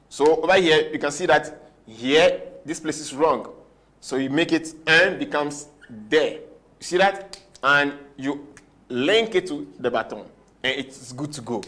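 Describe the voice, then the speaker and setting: A man teaching a French grammar lesson at a board, slowing down on key words and often checking that students follow. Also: a little high, bright, forceful tone. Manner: repetitive, checks understanding often; slows down to stress key words. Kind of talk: whiteboard language lesson.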